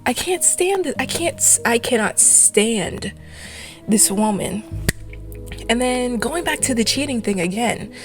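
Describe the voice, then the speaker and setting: Exasperated young woman ranting. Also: medium pitch. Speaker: video essay creator. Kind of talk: ranting commentary video essay.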